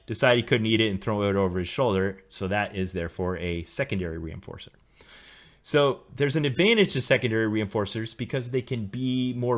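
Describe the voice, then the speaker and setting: A man's voice: mid-range voice, a bit bright. A middle-aged man co-hosting a podcast, explaining at length in a casual lecturing way. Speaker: podcast co-host.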